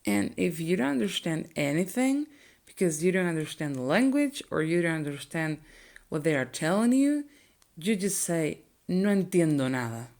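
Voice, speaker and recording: A young woman, a native Spanish speaker, teaches phrases to learners, saying each one slowly and clearly and then repeating it. Her voice is lowish and darkish in tone, with a sing-song lilt.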